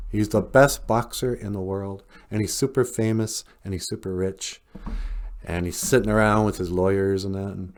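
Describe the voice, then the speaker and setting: A man's voice: on the low side, normal speed. A man hosting a podcast, telling a story in a casual, rambling way with lots of fillers. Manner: relaxed, rambling with fillers and chuckles. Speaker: podcast host.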